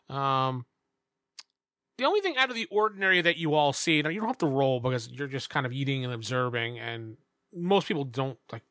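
A man's voice: mid-range voice, animated, brisk, pushed and bright, dry recording, clean studio sound. A man narrating a tabletop game as game master in a casual, rambling way with lots of fillers. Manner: casual, filler-heavy description.

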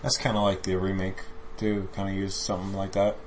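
A man's voice: low voice, completely flat delivery, fairly quick, a little hiss or hum. A man co-hosting a casual movie commentary, wisecracking and profane. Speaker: podcast co-host.

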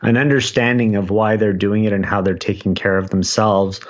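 A calm man with a very deep voice joins a podcast as a guest. He mostly adds brief remarks. His audio sounds muffled and lo-fi. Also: moderate pace. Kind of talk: casual interview chat.

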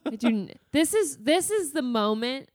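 A woman's voice: high-pitched, sing-song, normal speed, a little mellow. A woman from Kansas co-hosting a casual book podcast, profane, giggly and gushing. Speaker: podcast co-host.

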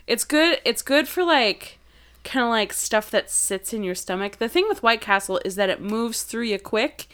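Podcast co-host, woman with a Wisconsin accent: crisp, bright voice, loose and rambling delivery. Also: a little high, animated, moderate pace. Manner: rambling, giggly, lots of fillers. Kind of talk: casual chat. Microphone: headphones and studio mic.

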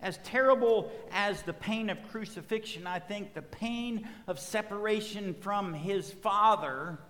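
A man's voice: sits high, a little slow, fairly bright tone. Preaching man in a reverberant hall. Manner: preaching with swells of emphasis and repetition. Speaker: pastor. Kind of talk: sermon.

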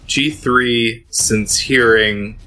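A man's voice: medium pitch, fairly even intonation, very slow, sharp tone, soft background music. A man playing a tabletop game, explaining what his character does. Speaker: player. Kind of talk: tabletop play.

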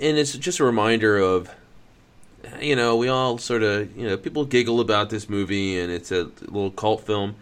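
A man's voice: lowish voice, a bit bright. A man in casual film-podcast chat, rambling with lots of fillers and restarts. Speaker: podcast co-host.

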